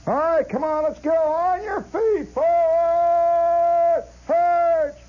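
A man's voice: very high-pitched, fairly even intonation, slow pace, muffled recording, pitched above the performer's own voice. A man voicing an army sergeant who bellows orders down a marching column. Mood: barking orders. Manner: yelling commands down the line.

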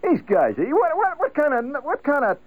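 A man's voice: high voice, huge pitch swings, quick pace, breathy edge, voice pushed up, heavily acted. Man doing his ranting, indignant old man. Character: narrator's grumbling working-class father, middle-aged man. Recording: tinny narrow-band radio broadcast.

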